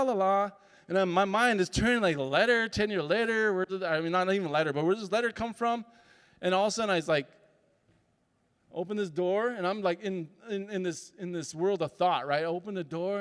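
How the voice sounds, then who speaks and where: Animated high-voiced man in a reverberant hall. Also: brisk, clear, resonant tone. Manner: animated, acts out dialogue in the story. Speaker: speaker at a summit. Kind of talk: personal storytelling talk. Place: conference hall.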